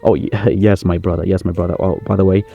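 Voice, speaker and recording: In a comedy sketch, a man plays a boastful wrestling star rambling cockily through a press conference and praising himself. His low, gravelly voice is flat and quick, with dull audio and faint music behind.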